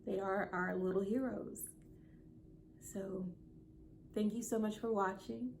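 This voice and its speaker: A woman in her thirties shares a personal story to camera, earnest and emotional. Her voice sits at a middling pitch with a steady gravelly fry running through it. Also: takes it slowly, slight background noise. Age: 30s. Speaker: content creator.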